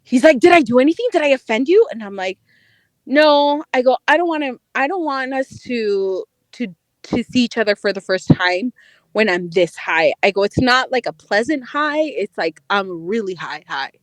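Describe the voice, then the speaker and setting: A young woman chats on a podcast with a high voice that leaps and dips with every twist of the story. She swears freely and laughs through her lines. The sound is close and dry, with no room around it. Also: moderate pace, dry recording. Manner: animated, profane, laughing storyteller. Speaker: podcast co-host, dating correspondent. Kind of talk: casual storytelling chat.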